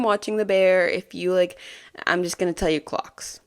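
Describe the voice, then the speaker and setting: A woman's voice: lowish voice, fairly even intonation, normal speed. A woman hosting a podcast, recapping a TV episode in a casual, chatty way, giggling often and filling her talk with ums and likes. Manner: chatty and giggly, full of fillers. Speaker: podcast host.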